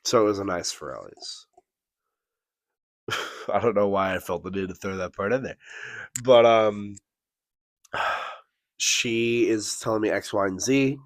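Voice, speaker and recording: Guy on a podcast w a lowish voice, swears a lot, acts out every line of his story, dry close sound. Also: measured pace, long pauses, dry recording. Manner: profane, animated storytelling with acted-out quotes. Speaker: podcast co-host. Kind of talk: casual storytelling.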